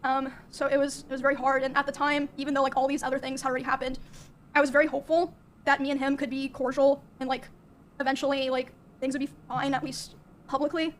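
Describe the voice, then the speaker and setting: A young woman streamer recounting a personal story in a soft, halting way, with many fillers. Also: high voice, level tone, a little hiss or hum.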